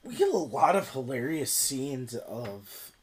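A podcast co-host speaks at a middle pitch with a very lively, swinging intonation. They chat casually about a movie and often pause on fillers as they think. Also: husky. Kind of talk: casual film review chat.

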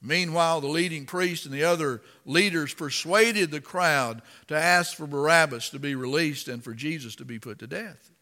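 A man preaching a sermon and reading scripture aloud, impassioned and dramatic, rising to loud emphasis. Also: a little high, moderate pace, long reverb tail.

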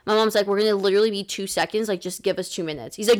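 A young woman co-hosts a casual podcast, telling a story in an easy, chatty way. She leans on "like" as a filler, drops the odd swear word, and talks at an everyday pitch. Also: very fast, a little hiss or hum. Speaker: podcast co-host.

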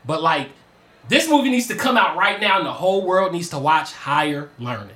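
A man co-hosting a podcast in casual chat, animated and emphatic, talking over the others. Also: on the high side, brisk, roomy sound. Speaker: podcast co-host.

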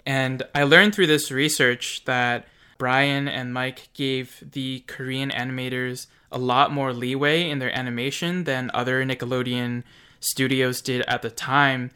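A man's voice: mid-range voice, level tone, sharp tone, clear, resonant tone. A young man co-hosting a podcast, sharing fun facts in a casual, explanatory way. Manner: shares trivia in a measured, explanatory way. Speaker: podcast co-host. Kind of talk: casual fun-fact chat.

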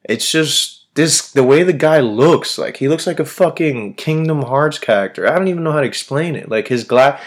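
A man's voice: a little high, expressive, normal speed, few pauses. A man hosting a podcast, chatting casually in a rambling way, swearing constantly and using lots of slang. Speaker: podcast host. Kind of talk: casual chat.

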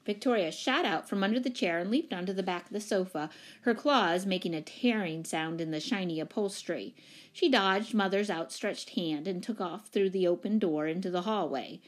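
A woman narrating a children's storybook with a lively, expressive reading. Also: medium pitch, normal speed. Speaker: audiobook narrator.

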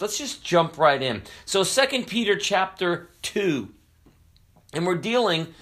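Slow-preaching man pastor, higher voice. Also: a bit bright. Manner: slow, deliberate preaching with emphatic stresses. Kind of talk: podcast sermon with Bible reading.

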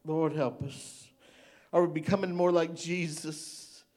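A man's voice: on the high side, fairly even intonation, slow pace, a little mellow. A man preaching a midweek sermon as pastor, impassioned and emotional, with rising exclamations. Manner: emotional and tender-hearted.

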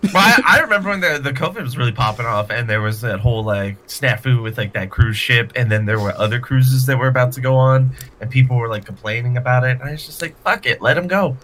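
A man's voice: medium pitch, quick pace, a bit bright. A man co-hosting a casual podcast, chiming in with jokes and frequent laughter. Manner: laughing often, joking asides. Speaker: podcast co-host.

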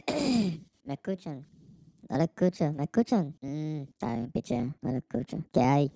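A woman's voice: fairly low pitch, big pitch swings, moderate pace, gravelly, dark tone, no echo, studio quality. A woman joking on a podcast, playfully repeating phrases and mixing Spanish with English. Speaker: podcast host. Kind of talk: casual joking chat.

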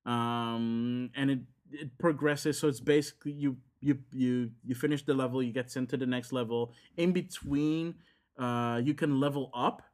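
A man's voice: mid-range voice, fairly even intonation, moderate pace, darkish tone. Rambling man. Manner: rambling with many fillers and restarts. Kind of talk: casual chat about games.

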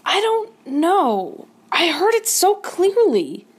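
A woman's voice: very high-pitched, big pitch swings, slow, full character voice. An actress playing a flustered young female wardrobe assistant who stumbles over her words. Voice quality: flustered, apologetic.

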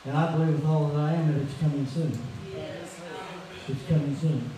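A man preaching a sermon fervently, rising at times into shouted praise, heard in an echoey church from far off. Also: on the high side, flat delivery, moderate pace.

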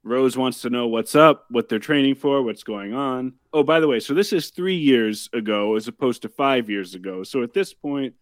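Podcast host, male, deadpan recap delivery, dry close mic, mid-pitched. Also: moderate pace, few pauses, no room sound. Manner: wry, deadpan summarizing with profanity. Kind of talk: casual episode recap.

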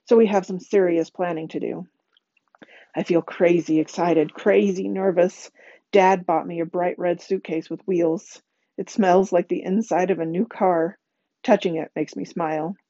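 A woman reading a novel aloud, expressive, with a lively rhythm in lists. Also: lowish voice, no echo, muffled recording. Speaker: reader.

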